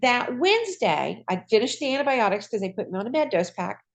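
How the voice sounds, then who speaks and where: A woman, a retired nurse, telling her own patient story in a lively, folksy conversational way. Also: fairly high pitch, fairly quick, vocal fry. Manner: lively, acts out voices in quoted dialogue. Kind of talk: personal storytelling.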